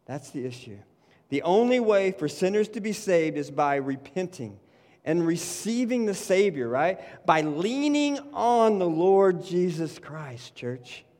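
Pastor, man, high voice; casual sermon full of "you know", big reverberant church. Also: a little mellow. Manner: conversational, repeats words, says "you know" and "right" often. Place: church sanctuary.

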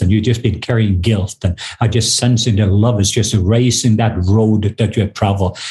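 A middle-aged man from Norway, a guest minister, leading a slow, drawn-out spoken prayer. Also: on the low side, warm tone.

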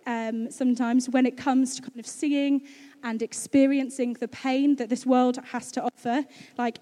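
This pastor's high-pitched, slightly mellow voice keeps things light during an informal sermon to her congregation. She comes across as bubbly and talkative, with laughter coming readily.

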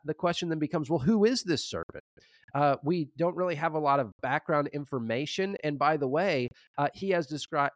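A man co-hosting a scholarly debate show, presenting his position in a measured way with frequent restarts. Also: on the high side, no echo. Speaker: co-host, Old Testament scholar.

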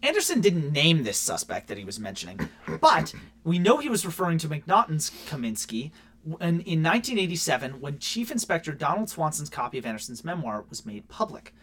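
A man co-hosting a casual podcast, reading notes aloud and bursting into loud profane outbursts. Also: a little high, sing-song, fairly quick. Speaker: podcast co-host.

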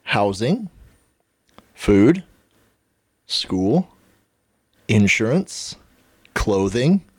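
A man's voice: lowish voice, big pitch swings, very slow, husky, no room sound. Dry-sounding male podcast co-host. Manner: storytelling, lists things, agreeable "yeah, yeah". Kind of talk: casual discussion.

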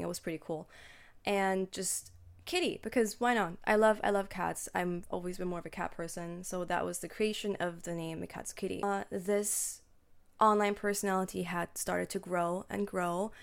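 A woman's voice: lowish voice, steady tone, normal speed, gravelly. A woman in her twenties hosting a casual solo podcast, talking in a chatty, reflective way with frequent "like"s and restarts. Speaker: podcast host.

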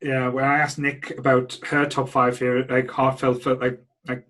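A man co-hosting a relaxed podcast chat, with a voice pitched at an ordinary middle level. He speaks in a measured way, often circling back and repeating words as he finds his point. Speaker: podcast co-host. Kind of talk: casual chat.

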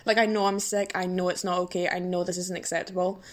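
A woman hosts her own podcast alone and chats in a loose, rambling way. She giggles, pokes fun at herself and sounds a little bashful. She is sick, so her nose is stuffed and her throat is rough. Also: fairly low pitch, level tone, fast talker. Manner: giddy, rambling, self-mocking, giggly. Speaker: podcast host. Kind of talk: casual solo podcast chat.

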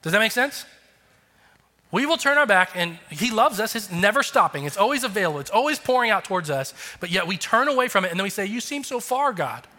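Pastor, male, 30s, earnest conversational sermon, higher bright voice, echoing church hall. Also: lively intonation, fast. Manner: earnest, conversational, emphatic preaching.

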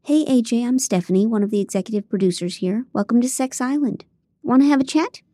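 A woman reading aloud, voicing a brisk, businesslike female executive producer who is displeased. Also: fairly high pitch, dark tone, dry recording, clean studio sound, pitched above the performer's own voice, natural voice.

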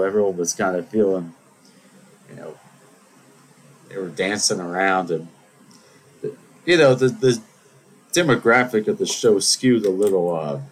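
A man's voice: low voice, slight background noise, poor audio. A man hosting a podcast, telling a story in a casual, digressive monologue with wry asides. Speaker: podcast host.

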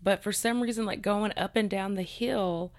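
A woman's voice: mid-range voice, fairly even intonation, moderate pace, no room sound. A woman co-hosting a podcast, chatting casually and rambling a little as she tells her own story, laughing easily. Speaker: podcast co-host. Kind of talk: casual chat.

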